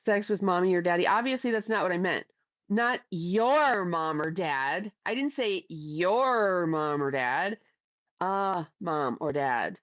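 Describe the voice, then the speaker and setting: A woman's voice: lowish voice, animated, slow, no room sound. Middle-aged woman, blunt and crude, casual livestream chat, dry dull-sounding audio. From Ohio, USA. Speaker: livestream host reading chat.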